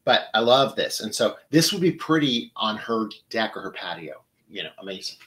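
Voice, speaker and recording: A man's voice: fairly low pitch, big pitch swings, normal speed, fairly bright tone, a little hiss or hum, rough recording. A middle-aged man from Michigan hosting a live flower-arranging show, chatting to viewers as he works. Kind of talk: casual live demonstration.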